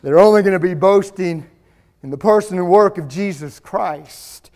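A man's voice: sits high, normal speed, a little mellow. A male pastor preaching a sermon in a church, building his emphasis as he reads scripture aloud.

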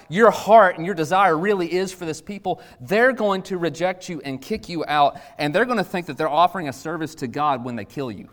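Guy preaching like he's just talking with friends, voice jumps up a lot, kinda high. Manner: casual, animated, sudden jumps in pitch. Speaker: pastor. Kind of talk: conversational sermon.

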